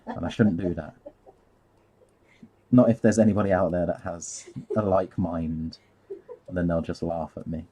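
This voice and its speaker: A man's voice: deep voice, fairly even intonation, normal speed, pauses often, warm tone. A man rambling casually on a live stream while painting, easily sidetracked and laughing at himself.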